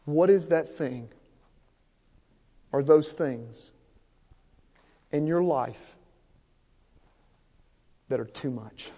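A pastor preaching an impassioned sermon, swinging from hushed, intimate passages to loud, urgent peaks. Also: male voice, a little high, drawn-out words, pauses often, husky. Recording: long hall reverb.

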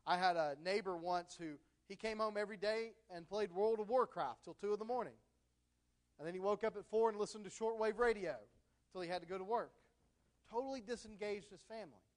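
A man's voice: high voice, fairly quick. A middle-aged man giving a sermon as a pastor, speaking conversationally and illustrating points with stories from his own life.

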